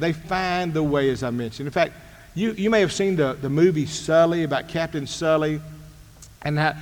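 A man's voice: on the high side, long reverb tail. A man giving a motivational talk on leadership, emphatic and full of stories and repeated phrases. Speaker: speaker on leadership.

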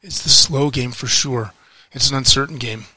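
A man ranting in a frustrated vlog, heated and swearing, repeating phrases for emphasis with weighty pauses. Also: mid-range voice, sharp tone, slightly rough, dry recording. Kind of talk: frustrated political rant to camera.

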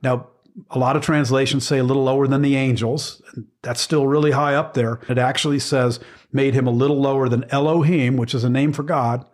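A man co-hosting a faith podcast, talking earnestly through scripture in a casual teaching chat with frequent pauses and restarts. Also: medium pitch, fairly even intonation. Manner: earnest, reflective, with many ums and restarts. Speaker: podcast co-host.

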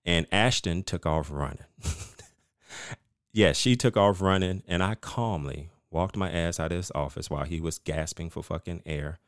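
A middle-aged man with a very low voice hosts his own podcast. He rants with animated, emphatic storytelling, swearing freely. The sound is dry and close to the mic. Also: moderate pace, smooth, no echo. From United States. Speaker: podcast host. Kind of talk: casual rant monologue.

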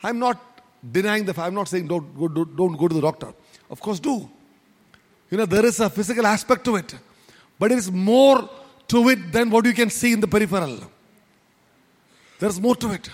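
High-voiced pastor preaching in a hall. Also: male voice, moderate pace, long pauses. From India. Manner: emphatic, repetitive preaching with rhetorical questions. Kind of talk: sermon.

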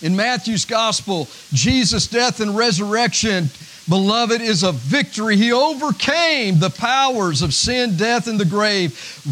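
A man preaching a sermon in a rather high voice, taking his time over every phrase. He swings from loud, ringing declarations down to hushed near-whispers. A faint hiss sits under the recording. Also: poor audio. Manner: preacher's rhythm, rising to shouts and dropping to near-whispers. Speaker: pastor.

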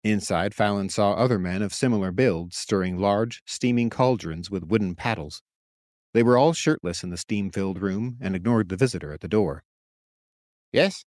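A man reading his own story aloud in steady, measured audiobook narration. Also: fairly low pitch, dry recording, studio quality. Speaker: author and narrator.

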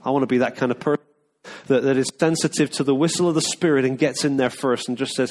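A man's voice: mid-range voice, steady tone, quick pace, darkish tone. A middle-aged man preaching a sermon in a conversational way, often restarting and acting out little asides. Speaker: pastor.

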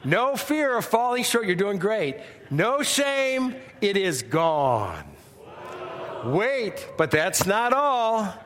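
A man voicing an excited male game-show announcer, with a showy, drawn-out delivery. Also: sits high, a little hiss or hum, full character voice. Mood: hyped.

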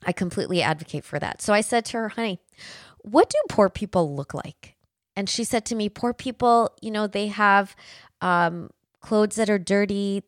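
A woman's voice: mid-range voice, no room sound, clean studio sound. A woman in her forties hosting a podcast, telling family stories in an earnest, conversational way with frequent restarts. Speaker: podcast host. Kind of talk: casual podcast monologue.

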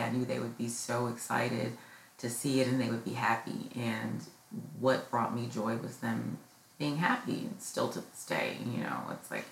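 A mother in middle age talks through her feelings about her children growing up, heartfelt and full of fillers. Her voice sits extremely low with a gravelly fry. The room is echoey, with a faint hiss of noise behind her. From United States. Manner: heartfelt, rambling with many fillers. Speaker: podcast host. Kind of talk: personal reflective monologue.

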